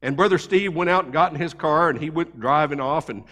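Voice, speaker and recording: A man's voice: on the high side, a little fast, big-room sound. A male pastor delivering a sermon through conversational personal stories. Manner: conversational, animated anecdotes. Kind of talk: sermon storytelling. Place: church sanctuary.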